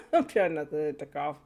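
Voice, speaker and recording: A gaming streamer with a low, darkish voice rambles casually with her viewers. She sounds a little stuffy from allergies and laughs often.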